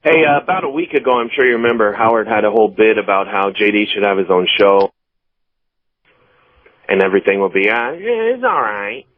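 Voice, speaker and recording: A man calling in to a radio show, casual and animated. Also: on the low side, fairly quick, no room sound. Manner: casual, animated "dude" talk. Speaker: caller. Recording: tinny phone line.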